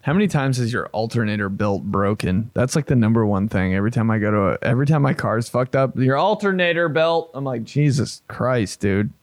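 A man's voice: fairly low pitch, fast, hardly any pauses, a little mellow, no room sound. A man hosting a comedy podcast, riffing loosely and profanely, joking as he reacts, on a close mic. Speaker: podcast host.

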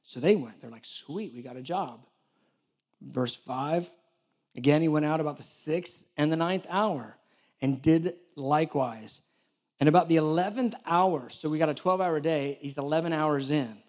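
A church director preaches a sermon in a fairly high-pitched male voice at a moderate pace. He tells stories animatedly, acting out dialogue and joking with the congregation.

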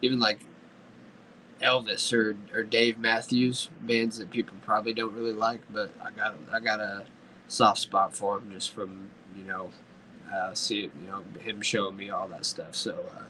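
Low-voiced, flat-toned male guest, laid-back and halting in a casual podcast chat. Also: a little hiss or hum, poor audio.

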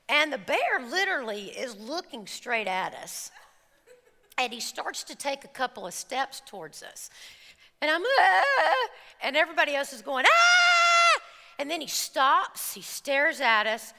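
A woman preacher telling an animated personal story in a sermon, acting out the scenes before turning to scripture. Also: high-pitched, moderate pace. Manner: animated storytelling, acts out screams and quotes. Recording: reverberant hall.

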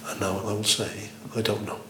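A man's voice: lowish voice, flat delivery, brisk. A man co-hosting a comic ghost hunt, a blunt, teasing sceptic talking in an old pub at night. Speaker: co-host. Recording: echoey pub room, noisy.

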